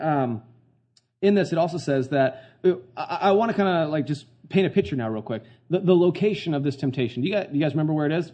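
A man delivers a casual sermon, talking to his listeners like friends and tossing them questions. His voice sits a little high and sounds warm and mellow. The recording is muffled and lo-fi. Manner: conversational, slangy, asks the audience questions. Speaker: pastor.

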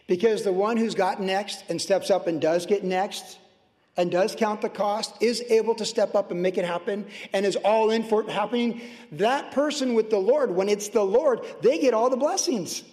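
A fervent pastor preaches from the pulpit of a church sanctuary in a high voice at a moderate pace, moving between passionate bursts and soft, tender asides. A long, ringing reverb fills the space around his sermon.

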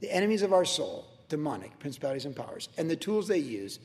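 A man preaching a sermon in an energetic, excitable way with chatty asides. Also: on the high side, quick pace. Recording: long hall reverb.

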